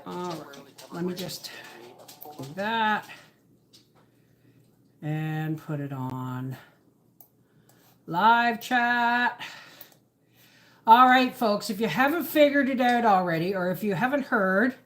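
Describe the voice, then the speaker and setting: A woman's voice: mid-range voice, lively intonation, slow pace, pauses often, a bit bright, slight background noise. A woman, hosting a casual live stream from her home kitchen while cooking. She rambles and cuts herself off mid-thought. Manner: chatty, rambling, self-interrupting. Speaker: homesteading livestream host.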